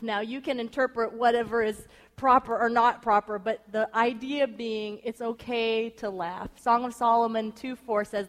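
A woman with a fairly high voice tells a story with animated energy and acts out the quoted voices. Her voice carries a long reverb, as from a large hall. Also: normal speed, few pauses. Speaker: speaker giving marriage advice to wives. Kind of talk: lively storytelling talk.

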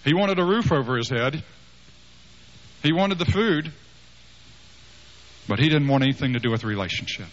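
A man in his fifties preaching through a personal story, animated and acting out the dialogue, with many restarts. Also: mid-range voice, moderate pace, long pauses. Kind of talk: storytelling sermon. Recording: slightly muffled with faint hiss.

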